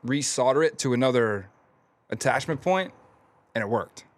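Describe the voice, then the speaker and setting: A young man in casual chat with friends, telling stories in a quick, rambling way and laughing often. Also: mid-range voice, expressive.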